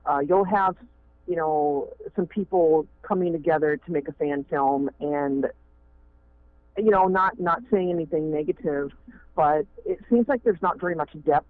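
Male indie filmmaker on a phone line, higher voice, rambling with fillers. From Maine. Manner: rambling, many fillers and restarts. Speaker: fan film director. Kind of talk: casual interview talk.

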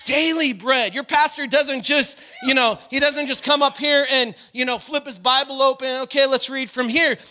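High, bright-voiced preacher man. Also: moderate pace, hardly any pauses. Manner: animated, breaks into shouting and brief singing. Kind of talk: sermon.

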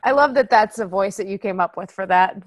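A woman co-hosts a sports podcast, talking fast in a cheerful, chatty way. Her voice sounds dry and close to the mic. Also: medium pitch, dry recording. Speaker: podcast co-host. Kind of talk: casual chat.

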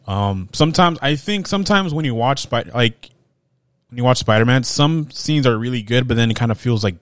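This is a man in the middle of a relaxed podcast chat about films, chuckling as he goes. His voice sits at an ordinary middle pitch. He is recorded close and dry, with no room sound, and his sentences wander off and restart. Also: fairly quick, no room sound. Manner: laid-back, chuckling, trails off mid-sentence. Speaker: podcast co-host. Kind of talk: casual film chat.

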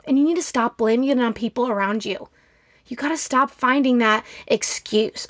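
A woman in her twenties hosting a podcast, talking in an earnest, emphatic way and jumping into quick motivational rants. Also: fairly high pitch, a bit bright, dry recording, clean studio sound. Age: 20s. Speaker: podcast host. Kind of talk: motivational solo podcast talk.

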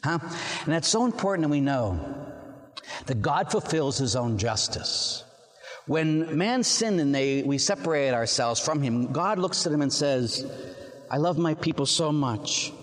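A man's voice: on the high side, a little slow, long reverb tail. A man preaching as a Catholic priest, telling stories and acting out the voices of the people in them. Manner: animated storytelling, acting out quoted voices. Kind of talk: sermon.

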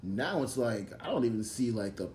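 Male podcast co-host, animated pitch, joking storyteller, faint background noise. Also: moderate pace. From St. Louis. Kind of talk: casual chat.

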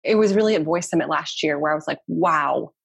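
A woman in her thirties speaks quickly and animatedly as an interview guest, with many casual fillers. Her voice sits a little low and has a husky edge. The recording is dry and close. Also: dry recording. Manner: quick, animated, chatty with frequent "like" and "you know". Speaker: guest researcher and community founder.

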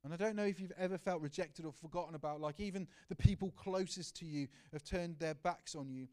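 A man's voice: a little high, a little fast. Earnest man preaching a sermon. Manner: earnest, personal, drops to a hushed voice at times.

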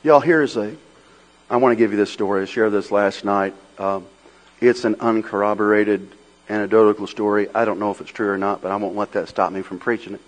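Man preaching with loud rhythmic repetition. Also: fairly even intonation, a little fast, low-quality recording. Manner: drops to a low, quiet storytelling tone. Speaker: pastor. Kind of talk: sermon.

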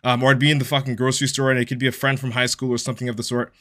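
A man's voice: mid-range voice, level tone, very fast, sharp tone. A young man hosting a podcast as an online fitness coach, ranting bluntly with lots of swearing in a casual, fired-up monologue.

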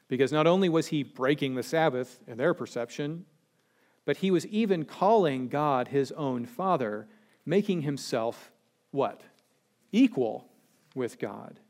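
A man preaching a sermon verse by verse, with dry sarcastic humor and animated emphasis. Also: fairly high pitch. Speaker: pastor.

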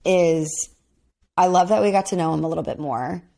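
A woman's voice: lowish voice, normal speed, gravelly, mellow. A woman co-hosting a podcast, recapping a reality dating show in casual chat with lots of fillers. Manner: chatty, lots of "like" and restarts. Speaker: podcast co-host.

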